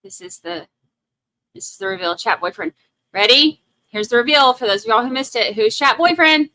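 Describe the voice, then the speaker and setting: A woman's voice: a little high, expressive, normal speed, bright, forceful tone, no room sound, low-quality recording. A woman from Massachusetts hosting a livestream, chatting casually and joking at her own expense while reading viewer comments aloud. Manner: jokey, self-teasing, reads viewer comments aloud. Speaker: livestream host.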